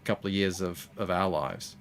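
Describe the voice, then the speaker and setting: A man's voice: low-pitched, normal speed, clear, resonant tone. Wry Australian man, rambling. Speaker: guest, comics creator. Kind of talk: casual chat on a live stream.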